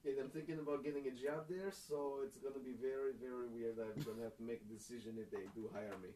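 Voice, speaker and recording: A man's voice: medium pitch, fairly even intonation, fast, dark tone. A young man hosting a casual podcast chat, joking and laughing often. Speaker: podcast host. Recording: echoey room, distant mic, noisy.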